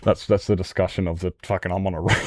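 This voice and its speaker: A man's voice: low-pitched, very animated, normal speed, mellow, breathy edge, no echo, studio quality. An Australian man streaming a game and ranting, heated and sweary, jumping between points. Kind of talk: live-stream rant while gaming.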